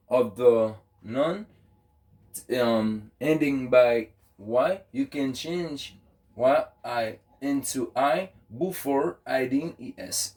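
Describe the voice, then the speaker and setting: A man teaching vocabulary at an unhurried pace, repeating each word before giving its meaning. His voice sits at an ordinary pitch and sounds a little distant from the microphone. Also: darkish tone. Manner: repeats each word slowly, then gives the translation. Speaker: language teacher. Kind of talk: vocabulary lesson. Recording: voice from a distance off the mic.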